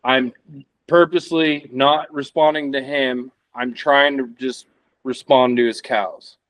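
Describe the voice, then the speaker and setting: A man's voice: medium pitch, fairly even intonation, unhurried, fairly bright tone, no room sound. A man in his thirties, a podcast guest talking casually and rambling as he searches for words. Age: 30s. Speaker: podcast guest, elk hunter.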